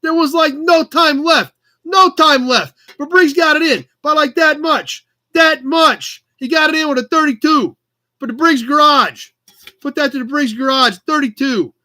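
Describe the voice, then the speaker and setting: A man's voice: very high voice, normal speed, sharp tone, pitched above the performer's own voice, heavily acted. A man voicing a brash, pushy New York auctioneer in a put-on New York accent, calling out bids. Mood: hamming. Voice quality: hammy, brash.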